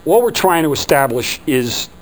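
Animated male sales trainer, higher voice. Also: moderate pace, poor audio. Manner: animated, acts out customer quotes. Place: training room with a group.

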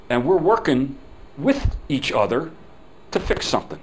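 A man's voice: fairly high pitch, sing-song, moderate pace, a little hiss or hum, poor audio. An older man giving a live customer service training talk, telling folksy stories and acting out the quoted dialogue. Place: hotel meeting room.

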